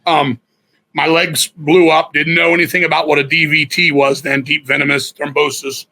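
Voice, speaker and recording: Middle-aged guy swearing his way thru stories, kinda high voice, edgy bright tone. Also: normal speed, rough recording. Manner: blunt and profane, animated storytelling. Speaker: guest musician. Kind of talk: casual storytelling interview.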